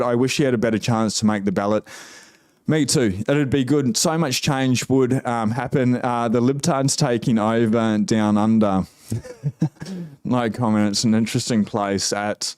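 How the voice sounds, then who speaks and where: This is an Australian man hosting a laid-back livestream, chatting easily and greeting viewers one by one. His voice sits in a middle register with a smooth, resonant tone. The sound is close and dry, with no room echo. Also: medium pitch, darkish tone. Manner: easygoing, greets viewers by name, reads chat aloud. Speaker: livestream host. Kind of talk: casual livestream chat.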